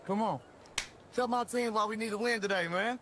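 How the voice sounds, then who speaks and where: A man playing a loud, high-pitched football coach. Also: brisk. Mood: hyped. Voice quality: shouting, hyped-up. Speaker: football coach in a music video skit. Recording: noisy music video clip.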